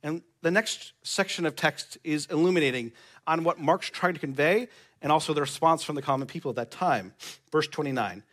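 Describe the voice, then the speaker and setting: A man's voice: on the high side, fairly quick, fairly bright tone. A male pastor preaching a sermon in a church, conversational and joking with the congregation.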